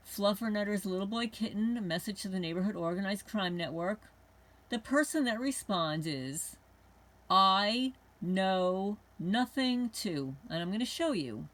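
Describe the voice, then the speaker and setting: A woman hosting a homesteading channel, talking to camera in a heated, indignant monologue and swearing now and then. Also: mid-range voice. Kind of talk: rambling angry monologue to camera.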